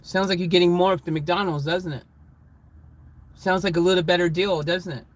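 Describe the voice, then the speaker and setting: A man chatting casually with viewers in a live vlog, laughing and getting excited, recorded in a van. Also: sits high, moderate pace. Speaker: vlogger.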